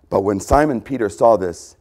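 A man preaching a sermon, emphatic and repeating key phrases, often clearing his throat. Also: lowish voice, a little mellow.

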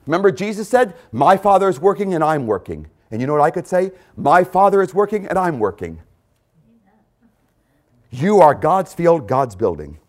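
A male preacher with a fairly high, very lively voice, delivering a sermon with dramatic swings from shouting to hushed storytelling. He repeats phrases over and over for emphasis. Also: normal speed.

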